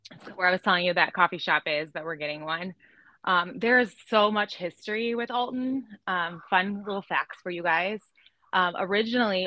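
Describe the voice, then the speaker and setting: Woman host, low-ish bright voice, chatty, dry close sound. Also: dry recording, poor audio. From Illinois, US. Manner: chatty, laughs often, many fillers. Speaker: podcast host. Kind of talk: casual chat.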